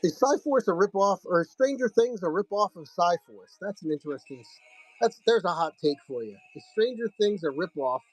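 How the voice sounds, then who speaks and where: A man's voice: sits high, expressive, fairly quick, slightly rough, no echo, muffled recording, soft background music. A man hosting a live comic sale, telling a rambling, profane story in a casual way.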